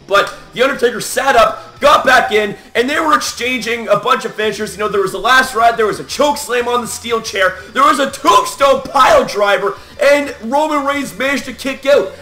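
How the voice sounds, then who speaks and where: A man giving a loud, animated reaction rant as a wrestling fan vlogger, swearing and shouting often. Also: very high-pitched, moderate pace, few pauses, roomy sound, soft background music.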